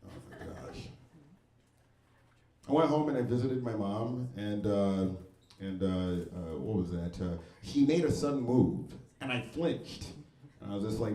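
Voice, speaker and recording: Guy doing standup, super proper enunciation, deadpan, echoey club. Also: on the low side, unhurried. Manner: deadpan, very proper diction, wry. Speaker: stand-up comedian. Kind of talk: stand-up set. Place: comedy club stage.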